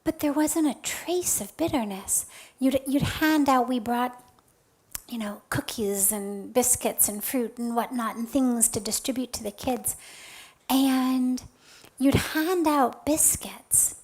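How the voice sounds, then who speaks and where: A woman spiritual teacher telling a personal story in a spiritual talk, slow and reflective, often sinking to a soft, breathy near-whisper and then rising with emphasis on key words. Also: a little high.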